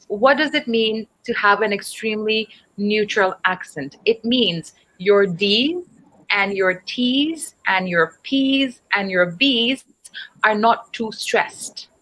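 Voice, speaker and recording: A woman's voice: on the high side, sharp tone, low-quality recording. A woman from Dubai teaching an online English speaking class, patiently explaining and quizzing her students. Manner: patient, encouraging, spells out words and asks students questions. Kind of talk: online group speaking lesson.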